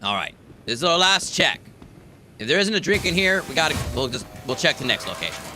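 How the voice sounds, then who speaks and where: A man's voice: on the high side, very animated, a little fast, music in the background. An American man streaming a space game, chatting casually and joking with heavy swearing. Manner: profane, joking banter. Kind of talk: casual gameplay chat.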